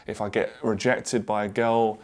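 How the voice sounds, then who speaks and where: A confidence coach speaks to camera in a fairly low voice, open and earnest about his past. He often stops and restarts mid-thought, sounding unscripted and sincere. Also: flat delivery, a little mellow. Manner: earnest and candid, halting with frequent restarts. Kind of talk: personal story told to camera.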